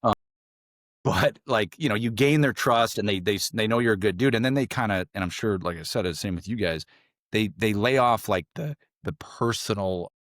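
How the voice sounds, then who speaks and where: In a casual storytelling interview, a podcast guest who was once a SEAL trainee talks briskly in a low voice. His stories ramble with plenty of fillers and restarts, and his voice leaps high whenever he quotes someone, recorded in studio quality with no room sound.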